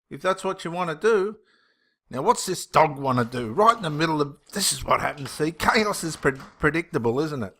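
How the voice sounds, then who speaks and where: A man, a channel host reading viewer comments and answering them in an impassioned, emphatic way. He swings between loud preaching and muttering to himself. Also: on the high side, lively intonation, moderate pace.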